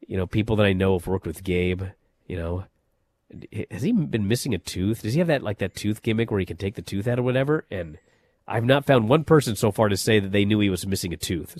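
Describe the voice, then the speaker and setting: A man hosting a casual wrestling chat, telling stories in an animated way with many fillers and restarts. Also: fairly low pitch, no room sound. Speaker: wrestling podcast host.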